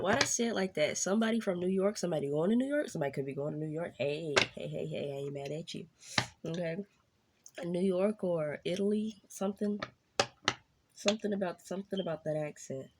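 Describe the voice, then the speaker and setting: A woman giving a casual tarot reading straight to her viewers, chatty and excitable. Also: on the low side, background noise. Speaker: tarot reader.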